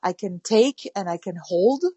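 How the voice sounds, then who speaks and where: Husky-voiced woman, animated and empathic. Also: medium pitch, unhurried, dry recording. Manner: animated, acts out soothing words to children. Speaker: parenting guest. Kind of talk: conversational interview.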